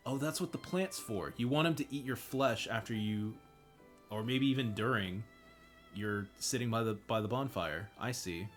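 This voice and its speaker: A man's voice: medium pitch, moderate pace, faint music behind. A man streaming a game, making casual, self-mocking asides and swearing freely. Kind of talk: casual gameplay commentary.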